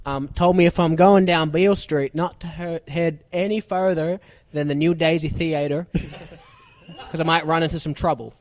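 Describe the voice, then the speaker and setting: A man with a slightly raised pitch, telling a short anecdote at a quick clip. He chuckles as he finishes. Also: fairly even intonation. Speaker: band member, guest.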